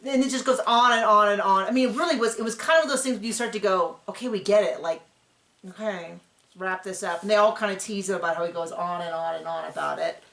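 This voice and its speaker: A woman's voice: medium pitch, fast talker, gravelly, a bit bright, roomy sound. A woman hosting a casual TV recap, chatting in a sarcastic, filler-heavy way. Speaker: recap show host.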